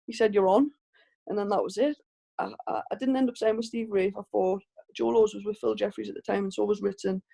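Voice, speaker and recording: A Geordie woman speaks over a video call as a guest in a casual interview. Her voice is dark and mellow with a gravelly fry running through it. She tells her stories in a relaxed, chatty way, restarting her sentences often. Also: medium pitch, fast talker. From Northeast England. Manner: chatty storytelling with frequent restarts and laughs. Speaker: professional boxer, guest.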